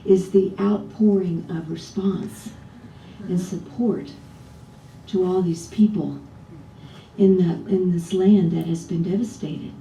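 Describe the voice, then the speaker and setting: A woman's voice: fairly even intonation, slow pace, gravelly, warm tone. A woman minister preaching a conversational sermon, chatty and often asking the congregation rhetorical questions. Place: church sanctuary. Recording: roomy, distant church sound with faint rumble.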